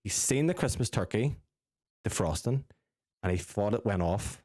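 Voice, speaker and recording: A young man, telling a sweary, animated story as a podcast co-host. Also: on the low side, moderate pace, dry recording, clean studio sound. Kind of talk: casual storytelling with friends.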